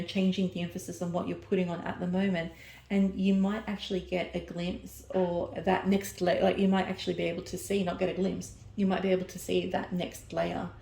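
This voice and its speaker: A woman's voice: fairly low pitch, gravelly, a little mellow, reverberant. A woman giving an oracle card reading, rambling and searching for her words as she corrects herself mid-sentence. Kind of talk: personal oracle reading to camera.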